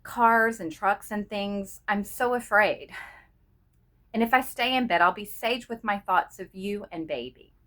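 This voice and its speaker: A woman voicing a young pregnant wife who speaks softly and coaxingly, cool on top with fear underneath. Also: mid-range voice, a little slow, close to an everyday voice. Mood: fearful. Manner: soft, coaxing, cool yet fearful.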